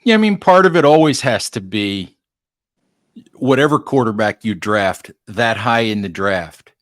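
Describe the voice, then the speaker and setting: A man's voice: lowish voice, animated, a little slow, fairly bright tone. A man hosting an interview, asking questions in a conversational, wry way. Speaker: host, writer. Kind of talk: podcast interview.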